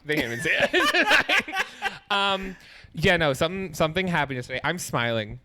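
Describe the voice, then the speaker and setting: A man's voice: on the high side, sing-song, moderate pace, background noise. A man co-hosting a podcast, telling a story dramatically and acting out every quote. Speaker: podcast co-host. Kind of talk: casual storytelling chat.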